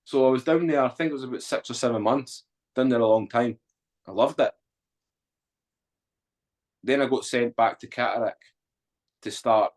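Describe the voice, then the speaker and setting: A man, a podcast guest telling his story candidly and bluntly, swearing freely. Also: fairly low pitch.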